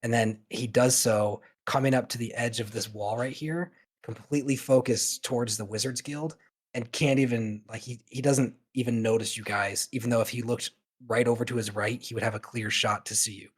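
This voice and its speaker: A man's voice: mid-range voice, fairly even intonation, normal speed, husky. A man narrating a tabletop game as game master, casual and full of fillers.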